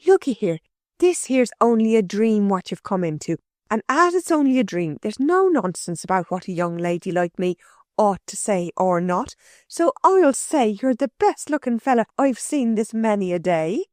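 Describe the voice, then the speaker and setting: A woman's voice: medium pitch, very animated, normal speed, a little mellow, dry recording, studio quality, natural voice. A woman voicing a coy, forthright cook turned island queen, with chatty, ungrammatical homely talk.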